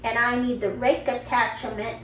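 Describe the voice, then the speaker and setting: A woman's voice: on the high side, level tone, normal speed, fairly bright tone, slight background noise, natural voice. A woman voicing a shy, stubborn little farm boy who states what he wants bluntly. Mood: matter-of-fact. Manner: blunt, matter-of-fact demands. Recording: roomy, distant mic, faint ambience.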